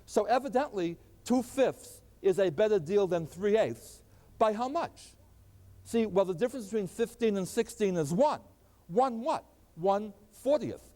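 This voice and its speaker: A man's voice: high voice, expressive, unhurried, dark tone, in a large hall. An older man teaching a math lecture at the board, asking questions and answering them himself.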